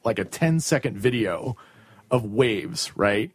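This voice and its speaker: A man's voice: on the low side, animated, takes it slowly, breathy edge, dry recording. A man hosting a casual music chat, talking in long rambling questions full of restarts and fillers. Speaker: podcast host interviewing a band.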